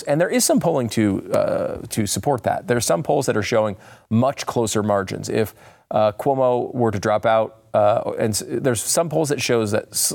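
A man hosting a political commentary show, tired and a bit hoarse, talking in a rambling way that often breaks off and restarts. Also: mid-range voice. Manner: rambling, self-interrupting, animated asides. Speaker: show host.

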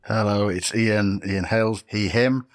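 A man's voice: fairly low pitch, steady tone, measured pace. A man playing in a tabletop game, joking in a dry, self-mocking way. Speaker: player.

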